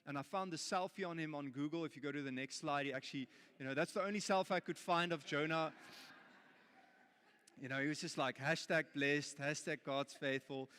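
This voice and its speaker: South african guy preaching, kinda high pitched, jokey then earnest, big echoey church hall. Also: a little fast, a bit bright, clear, resonant tone. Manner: jokey storytelling, builds to earnest emphasis. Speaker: pastor. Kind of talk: sermon. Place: church auditorium.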